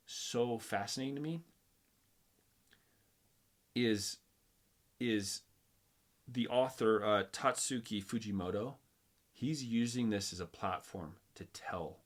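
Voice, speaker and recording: Male host, casual chat, animated storyteller who acts out the quotes and trips over his own sentences. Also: mid-range voice, slow pace, pauses often. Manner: animated retelling, acts out quotes, many restarts.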